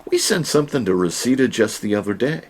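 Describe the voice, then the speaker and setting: A man's voice: medium pitch, expressive, fast, husky. A man hosting a casual home vlog, chatting in a folksy way with joking asides from his storage room. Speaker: online reseller and channel host.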